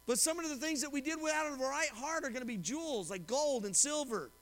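High-voiced bright preacher in a reverberant hall. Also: male voice, animated, fairly quick. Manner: asks the congregation questions and retells stories with quoted voices. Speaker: pastor. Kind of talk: sermon. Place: church sanctuary.

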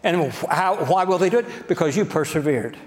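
This man preaches in a sanctuary soaked in long church-hall reverb. His voice runs high and expressive at a normal speed, and he delivers his sermon in a direct, folksy manner, regularly addressing the congregation.

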